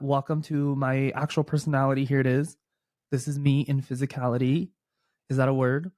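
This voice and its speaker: A young man chats into his desk mic at home like he's catching up with friends, gushing and rambling with plenty of fillers. His voice sits at an ordinary middle pitch, and the sound is close and dry, with no room echo. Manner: chatty, animated, lots of fillers. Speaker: podcast host. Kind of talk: casual chat. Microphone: desk microphone.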